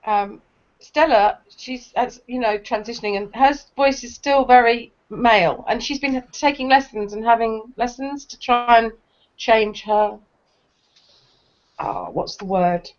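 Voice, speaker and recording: A woman's voice: fairly high pitch, measured pace. A woman hosting a casual livestream chat, chatty, laughing often and restarting her sentences. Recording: dull lo-fi stream audio.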